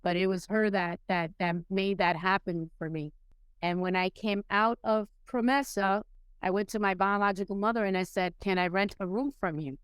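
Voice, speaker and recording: A middle-aged woman from Puerto Rico, raised in New York City, telling her life story as a podcast guest in a lively way, acting out the people she quotes. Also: normal speed, clean tone, no echo. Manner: animated, acts out quoted people with rising pitch. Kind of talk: casual storytelling interview.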